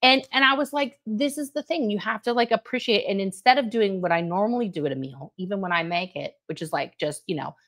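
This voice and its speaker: A woman's voice: mid-range voice, quick pace, few pauses, fairly bright tone. A middle-aged woman co-hosting a casual livestream chat, talking in a reflective, rambling way and often asking "you know what I mean". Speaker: co-host.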